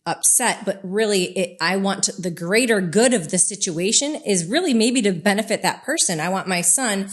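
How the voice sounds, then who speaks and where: A woman's voice: mid-range voice, expressive, normal speed. A woman co-hosting a podcast, speaking candidly and personally in casual conversation. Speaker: podcast co-host.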